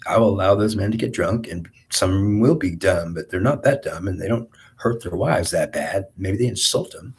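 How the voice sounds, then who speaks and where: A man voicing a stubborn male god who bluntly dismisses his wife, in a low, husky voice. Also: moderate pace, few pauses, darkish tone, exaggerated voice. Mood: defiant.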